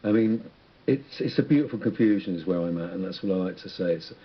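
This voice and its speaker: Talking fast, a musician guest on a radio interview rambles and reflects in a husky, low voice, repeatedly starting his sentences over. The audio is dull and lo-fi.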